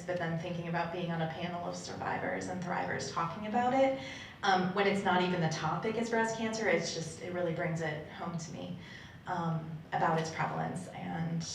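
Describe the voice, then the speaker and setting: A woman in her forties speaking to a panel audience, frank, outspoken and casual. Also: a bit bright. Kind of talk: candid talk to a live audience. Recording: echoey hall, faint rumble.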